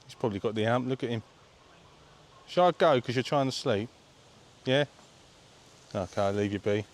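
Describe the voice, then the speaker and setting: A man vlogging a casual walking tour of an open-air museum, chatty and excitable, talking straight to his viewers. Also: mid-range voice, normal speed. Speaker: travel vlogger. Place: visiting an open-air museum, indoors and outdoors.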